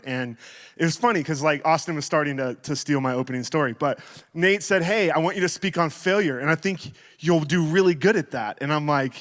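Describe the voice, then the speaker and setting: A man in his thirties giving a sermon as guest speaker, telling stories in a playful, animated way. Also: on the high side. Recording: reverberant hall.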